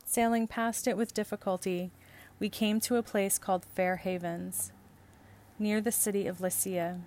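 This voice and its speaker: A woman reading scripture and canticles aloud in a measured, steady liturgical style. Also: mid-range voice. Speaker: scripture reader.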